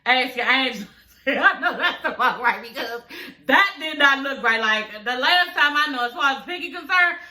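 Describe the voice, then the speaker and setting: Bright-voiced chatty woman, roomy echo. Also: sits high, animated, normal speed. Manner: chatty, profane, keeps addressing viewers as y'all and girl; laughs often while talking. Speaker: show recap vlogger. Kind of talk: casual TV episode review.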